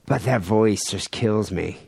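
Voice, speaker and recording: A man's voice: fairly low pitch, a little slow, vocal fry, a little mellow, husky, no echo. A man co-hosting a casual, crude podcast, telling a news story with joking asides. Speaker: podcast co-host.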